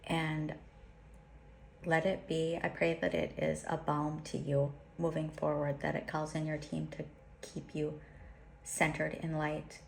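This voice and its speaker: A woman with a low, gravelly voice leads a soft, unhurried spiritual invocation. Her delivery stays level and steady, with little rise or fall. A faint hiss sits under the recording. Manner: slow, soft, devotional. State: emotional. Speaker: spiritual channel host. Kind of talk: spoken prayer and invocation.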